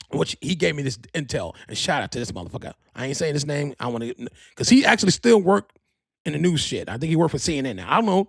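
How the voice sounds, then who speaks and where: A male podcast host with a high, husky voice that carries gravel and fry. He rambles through profane gossip in lively swoops of pitch. The room sounds dry and close. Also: no room sound. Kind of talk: casual storytelling monologue.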